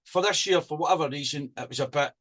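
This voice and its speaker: A man's voice: on the high side, quick pace. A man co-hosting a podcast, talking in a chatty, rambling way with many restarts. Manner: chatty and rambling, with frequent restarts and lively rising emphasis. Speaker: podcast co-host. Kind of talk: casual chat.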